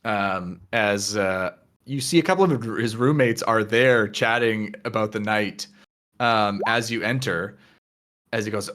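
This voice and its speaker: A man narrating as game master of a tabletop game, relaxed and full of fillers. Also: fairly low pitch, unhurried.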